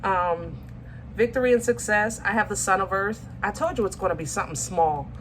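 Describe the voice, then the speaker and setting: A brisk, slightly bright mid-range voice carries this casual tarot reading, with a little hiss or hum in the recording. The woman is affectionate and chatty, calling viewers baby and y'all, and she searches for words often, with plenty of ums and restarts.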